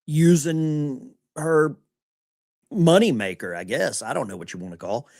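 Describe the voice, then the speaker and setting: A man's voice: on the high side, measured pace, a little mellow, no echo, studio quality. A man hosting a live stream, giving mocking commentary on the news and talking straight to his chat.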